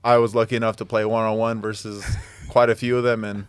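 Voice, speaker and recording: Man, relaxed player, flat delivery, smooth clear voice, dry room. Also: fairly low pitch, fairly quick, dry recording. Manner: laid-back, says "like" a lot. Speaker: basketball player guest. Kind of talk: casual interview.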